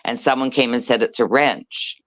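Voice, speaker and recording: A woman's voice: extremely low pitch, moderate pace, a bit bright, rough recording. A woman guest on a casual panel chat who moderates the chat, self-deprecating and blunt, laughing often.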